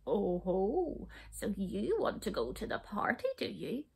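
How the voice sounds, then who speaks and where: A woman reading a storybook aloud, voicing a sly, scheming witch who talks slowly and coaxingly in a hushed, breathy voice. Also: mid-range voice, sing-song, exaggerated voice. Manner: slow, coaxing and conspiratorial.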